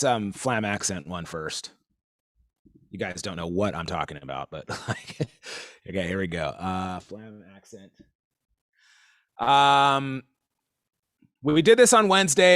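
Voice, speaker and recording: A man's voice: fairly low pitch, no echo, studio quality. A man giving a casual live-streamed drum lesson, rambling and easygoing, with lots of fillers. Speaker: drum teacher.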